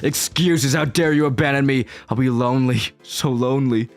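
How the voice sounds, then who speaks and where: A man's voice: mid-range voice, moderate pace, faint music behind, natural voice. A man voicing a lonely, clingy talking train from a video game who pleads to keep a friend forever. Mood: bitter.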